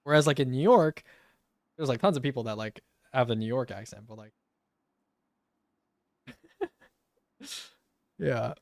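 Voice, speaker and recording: A young man talking casually on a live stream, loose and slangy, often tossing in "bro". His voice sits at an ordinary pitch for a man. The recording is close and dry, with almost no room sound. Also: lively intonation, slow pace, creaky, pauses often, dry recording. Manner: laid-back and slangy, often says "bro".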